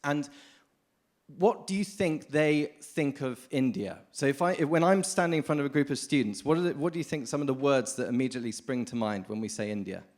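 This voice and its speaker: A man from the United Kingdom giving a lively, informal conference talk, often addressing the audience directly. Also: medium pitch, a little fast. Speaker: conference speaker. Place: conference hall.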